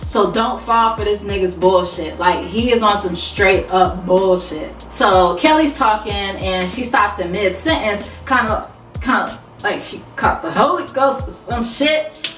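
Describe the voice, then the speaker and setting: A woman's voice: medium pitch, measured pace, far from the mic, soft background music. Profane woman recapping a TV show. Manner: profane, animated, talks back to characters. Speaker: TV recap vlogger. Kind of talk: casual recap with quoted voices. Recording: roomy sound, away from mic.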